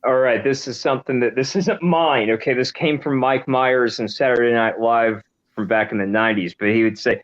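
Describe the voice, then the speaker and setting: A man's voice: medium pitch, normal speed, lo-fi sound. A man guesting on a podcast over a video call, easygoing and laughing at himself. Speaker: guest YouTuber. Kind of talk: casual chat.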